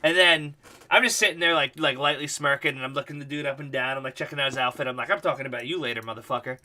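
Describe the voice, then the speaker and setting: A man's voice: fairly high pitch, steady tone, quick pace, bright, forceful tone. A male livestream host telling a rambling, profane story in casual chat.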